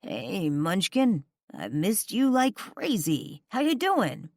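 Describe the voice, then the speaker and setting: A woman voicing a young male rock star and father who is gentle with his child and blunt and cursing in arguments. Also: medium pitch, huge pitch swings, slow pace, dry recording, studio quality, voice pushed up, full character voice.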